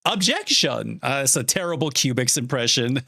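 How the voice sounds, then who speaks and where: A man's voice: medium pitch, a bit bright, no room sound, clean studio sound. A man streaming as he draws storyboards, chatting casually in a rambling way with frequent laughs. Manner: rambling, chatty, laughs often, heavy use of "like". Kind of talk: casual chat while drawing storyboards.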